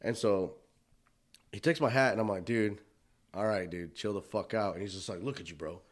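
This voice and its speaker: A man's voice: fairly low pitch, normal speed. A man casually telling a profane bar story, acting out the voices of the people in it.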